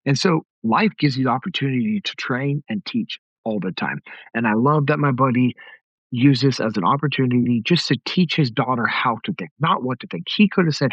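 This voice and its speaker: A man's voice: mid-range voice, lively intonation, moderate pace, fairly bright tone, no room sound, muffled recording. A middle-aged man hosting a podcast, telling stories in a direct, conversational way. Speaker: podcast host. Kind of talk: casual podcast talk.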